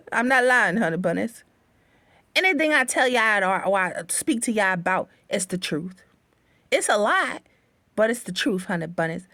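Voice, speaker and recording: A woman telling a story from her own life to her viewers, animated and profane, often calling them honey bunnies, speaking into a phone. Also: medium pitch, normal speed, no echo. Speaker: livestream host.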